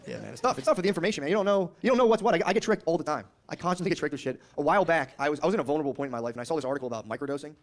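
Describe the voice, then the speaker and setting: Young man, stand-up comic, rambling, casual, very fast delivery, slightly high voice. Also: animated. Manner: casual, rambling, riffing with lots of filler. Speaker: stand-up comedian. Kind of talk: stand-up comedy routine.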